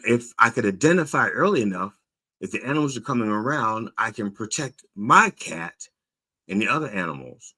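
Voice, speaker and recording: Man, animated storytelling, lively up-and-down pitch, bright forceful tone, low voice, repeats and restarts. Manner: animated storytelling, acting out both sides of a phone call; repeats words and restarts often. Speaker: host. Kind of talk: casual monologue.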